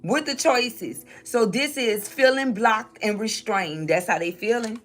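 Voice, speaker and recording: A woman's voice: on the high side, measured pace, soft background music. A woman from New Orleans giving a tarot reading to her viewers, emphatic and repetitive, often checking in with "okay?" while she shuffles through her cards. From New Orleans, Louisiana. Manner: emphatic, repeats lines, frequent "okay?" check-ins. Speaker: tarot reader.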